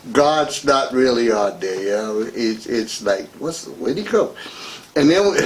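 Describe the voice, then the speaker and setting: A man hosting a talk radio show, rambling through a casual monologue and laughing between remarks. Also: mid-range voice. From United States. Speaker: radio host.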